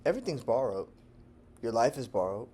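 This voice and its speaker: A Texan language-learning vlogger talks to the camera in a casual, digressive monologue, swinging between loud bursts and low murmurs and laughing often. He's animated, brisk, and his voice is husky.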